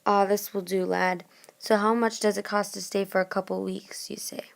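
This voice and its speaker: A woman's voice: mid-range voice, flat delivery, normal speed, creaky, close to an everyday voice. Old drunk pirate, rude and demanding, read by a woman; storybook reading. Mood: gruff. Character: gruff old male drunk pirate seaman.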